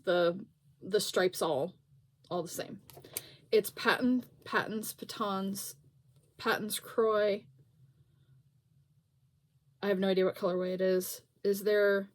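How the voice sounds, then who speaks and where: A middle-aged woman hosting a knitting podcast, chatting casually and laughing at herself as she shows her projects. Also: medium pitch. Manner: chatty, self-deprecating, laughs often. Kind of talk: casual show-and-tell chat.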